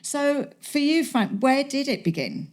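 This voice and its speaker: A woman with a Welsh accent hosting a podcast, talking in a chatty, effusive way with quick asides. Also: high voice, lively intonation. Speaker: podcast host. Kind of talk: podcast intro and interview.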